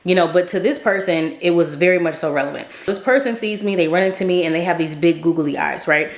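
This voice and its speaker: A woman's voice: lowish voice, fast. A young adult woman vlogger telling a story casually, chatty, with lots of fillers and frequent asides of "right?". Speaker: faith vlogger. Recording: roomy echoey room.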